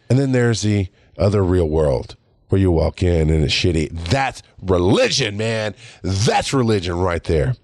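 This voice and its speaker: This podcast host speaks at an unhurried pace in a fairly low, darkish voice that's highly animated. He spins a heated, swear-filled monologue and mimics other people's voices, captured in a dry, studio-quality recording.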